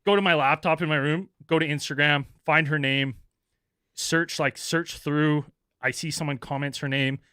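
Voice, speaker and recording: A podcast co-host tells a story in a casual, animated way, swearing freely and putting on high voices for other people. His voice sits a bit high for a man. The sound is dry and close to the mic. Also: measured pace, clear, resonant tone, dry recording.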